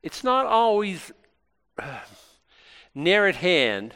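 A man's voice: a little high, big pitch swings, slow, a bit bright. A male pastor giving an informal Bible talk, chatty and self-deprecating, with many restarts. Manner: conversational, rambling with many restarts; self-deprecating and lightly joking.

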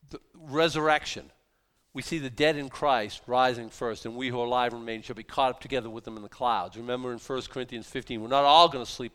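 A man preaching a sermon as pastor, animated, rising to emphatic bursts and dropping to quiet asides. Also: medium pitch, clear, resonant tone.

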